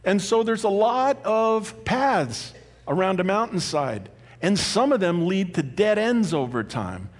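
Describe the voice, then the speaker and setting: A man preaching a sermon as pastor, animated and conversational, with asides and light laughter. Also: high-pitched, unhurried. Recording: long hall reverb.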